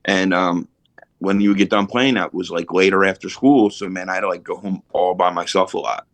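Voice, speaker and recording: A man spins long, streetwise stories from his past, swearing as easily as he breathes. His voice sits very low, and the recording is dry and close, with no room around it. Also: fairly even intonation, fairly quick, no echo. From Philadelphia. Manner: rambling, streetwise, swears casually. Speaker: podcast guest. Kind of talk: casual storytelling.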